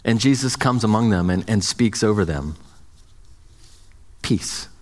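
A man's voice: lowish voice, animated, brisk, a little mellow, in a large hall. A man preaching a sermon as pastor, speaking conversationally with many restarts and fillers.

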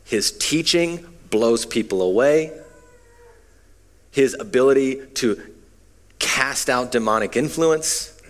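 A man in his thirties preaching a relaxed, conversational sermon with stories and frequent fillers. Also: medium pitch, takes it slowly, long pauses. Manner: casual, self-deprecating, frequent fillers. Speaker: pastor. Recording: long hall reverb.

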